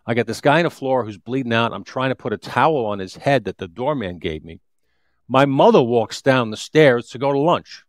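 A man's voice: mid-range voice, lively intonation, a little fast, no room sound, clean studio sound. A man in his fifties, a retired police detective, telling a street story in an interview with vivid, repetitive restarts.

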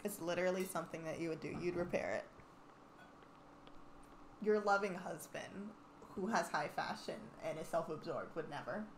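A woman's voice: lowish voice, normal speed, long pauses, echoey room, a little hiss or hum. A young woman in casual gameplay commentary, chatting and teasing at the game characters as she plays. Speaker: gaming channel host.

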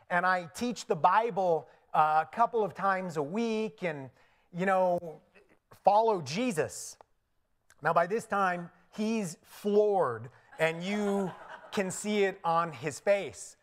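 A middle-aged man with an Indian accent is preaching from the pulpit of a church. He talks to his congregation in a loose, conversational way, swinging between lively storytelling and good-humoured asides that he often laughs at himself. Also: sits high. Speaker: pastor. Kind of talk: sermon with personal storytelling. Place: church sanctuary.

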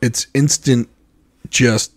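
A man's voice: mid-range voice, very slow. An American man co-hosting a podcast, chatting casually and acting out other people's reactions as he tells stories. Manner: animated storyteller, acts out others' reactions. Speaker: podcast co-host. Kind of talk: casual chat.

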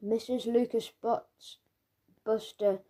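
A woman narrating a children's audiobook in the first person as a schoolboy, in a lively storytelling manner, recorded on a studio microphone. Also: fairly high pitch, takes it slowly.

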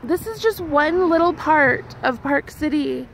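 A woman's voice: sits high, animated, measured pace, vocal fry, a bit bright, a little hiss or hum. A young woman vlogging outdoors, tearful and gushing, laughing through her crying as she talks. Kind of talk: emotional casual vlog. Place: outdoors at a roadside scenic spot.

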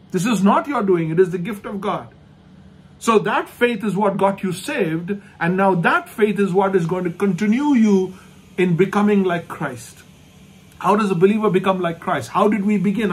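A man preaching a sermon as pastor, emphatic and repetitive, slowing down to stress points and dropping to a soft hush at the end of each thought. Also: high voice, husky. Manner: emphatic, repeats key phrases, slows down for stress. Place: online church service.

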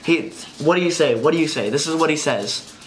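A man's voice: a little high, expressive, a little fast. Rambling young male vlogger, noisy windy audio. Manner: rambling, keeps saying "anyways". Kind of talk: casual vlog chat to camera. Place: partly outdoors in wind. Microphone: handheld camera.

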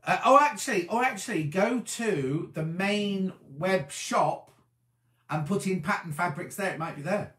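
A man's voice: high voice, unhurried, fairly bright tone. Tired chatty man, echoey room. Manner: chatty, rambling, reads comments aloud and answers them. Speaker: host. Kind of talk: casual live-stream chat reading viewer comments.

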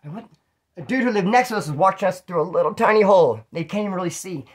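Guy rattling off prison stories real fast, cussing a lot, slang everywhere, just rambling along. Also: high voice, animated. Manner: rambling, profane, street slang. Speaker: former prisoner telling stories. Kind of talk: casual spoken storytelling.

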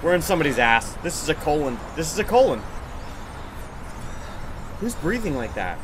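A man's voice: on the high side, very animated, moderate pace, background noise. Profane, bemused man commentating a game. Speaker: let's play host. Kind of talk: casual gameplay commentary. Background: game music.

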